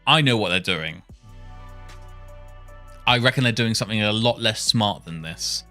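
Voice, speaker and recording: Low-voiced man thinking aloud. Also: animated, moderate pace, bright, forceful tone, faint music behind. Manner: muttering, self-correcting, chuckles at himself. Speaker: programmer testing speech software. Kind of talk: casual thinking-aloud coding session.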